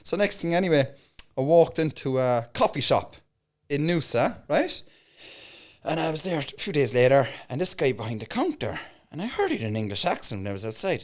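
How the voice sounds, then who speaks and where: A man's voice: fairly high pitch, fairly quick. A man with a Cork Irish accent, a comedian guest telling a rambling story in casual chat. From Ireland. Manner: rambling, animated, keeps asking "right?".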